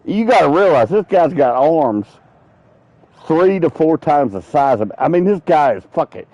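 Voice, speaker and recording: A man's voice: a little high, sing-song, moderate pace, mellow, dry recording, lo-fi sound. A man streaming a game, telling rambling, profane stories in casual chat. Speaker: gaming streamer. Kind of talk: casual chat while playing.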